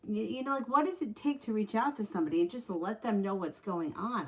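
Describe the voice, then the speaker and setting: A woman's voice: medium pitch, brisk, hardly any pauses, breathy edge. A woman running a live-stream tarot reading, chatty and blunt, swearing freely when something annoys her. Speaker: tarot reader.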